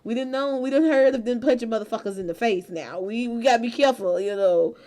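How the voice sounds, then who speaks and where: A woman's voice: fairly high pitch, quick pace, noisy background. A woman hosting a casual stream chat, laughing often, swearing freely and teasing her friends. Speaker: streamer host.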